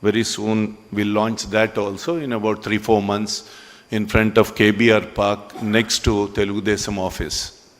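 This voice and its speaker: A man giving a ceremony speech in a hall, conversational and halting with frequent pauses. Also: fairly low pitch, level tone. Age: 60s. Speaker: business owner speaking at a ceremony.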